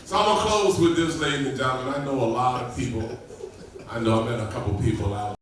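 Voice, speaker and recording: A man's voice: medium pitch, quick pace. A man telling profane stand-up stories in a loose, rambling manner, on stage at a comedy club. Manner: profane, loose storytelling with acted-out quotes. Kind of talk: stand-up storytelling. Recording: echoey, distant room mic with ambient noise.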